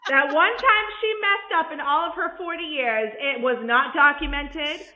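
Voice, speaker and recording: A woman co-hosts a casual talk, chiming in with playful affirmations and teasing. Her voice is bright and fairly high. The sound is roomy and a little dull. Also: normal speed, heavy background noise. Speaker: co-host. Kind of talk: casual chat.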